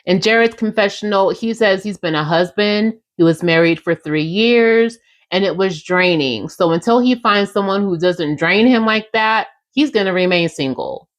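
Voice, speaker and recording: Young woman chatting, sassy reality tv recap, mid pitch, talks right to the listeners. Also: moderate pace. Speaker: podcast host recapping a reality show. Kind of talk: casual recap, acting out quotes.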